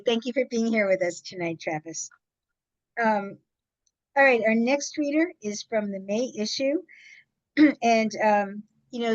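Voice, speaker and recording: A woman hosting a reading and introducing the next author, speaking with many pauses and fillers. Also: medium pitch, no room sound, lo-fi sound. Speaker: host introducing readers.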